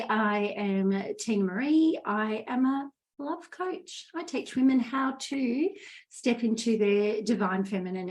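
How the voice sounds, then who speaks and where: A woman co-hosting a casual podcast, speaking in a bubbly, enthusiastic way. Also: a little high. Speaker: podcast co-host, love coach.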